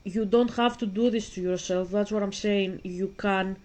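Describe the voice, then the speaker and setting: Woman gamer talking faith mid-game, earnest and kinda preachy, pretty monotone. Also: medium pitch, moderate pace, poor audio. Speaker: gaming streamer. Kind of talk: casual talk while playing a video game.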